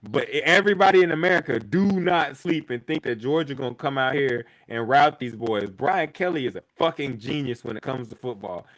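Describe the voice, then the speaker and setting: Emphatic, bright-voiced sports podcast man. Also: medium pitch, expressive, brisk, few pauses, rough recording. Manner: emphatic, repeats points for effect, swears freely. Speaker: podcast co-host. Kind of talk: casual sports debate.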